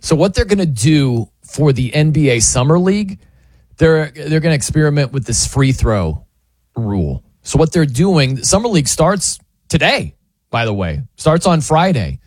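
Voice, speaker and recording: Sports radio guy riffing and joking, voice jumping all over, kinda high. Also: moderate pace, breathy edge, no echo, clean studio sound. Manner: animated, jokey storytelling with acted-out quotes. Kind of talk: casual sports talk monologue.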